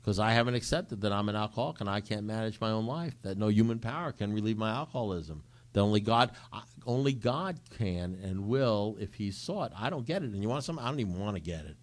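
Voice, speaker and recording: Middle-aged guy with a lowish voice sharing his recovery story, acts out the back-and-forth dialogue. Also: quick pace, hardly any pauses. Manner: animated storytelling, acts out both sides of dialogue. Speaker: recovery speaker. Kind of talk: recovery talk to a group.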